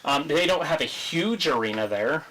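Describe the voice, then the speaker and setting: Man, somewhat high voice, hoarse, chatty livestream host, casual wrestling commentary, jokey asides. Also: expressive, moderate pace, fairly bright tone, rough recording. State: losing his voice. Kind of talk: casual live wrestling watch-along commentary.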